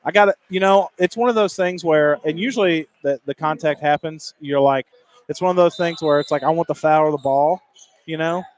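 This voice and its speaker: A man calling high school basketball play-by-play, rapid and excitable, climbing higher on big plays. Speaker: play-by-play announcer.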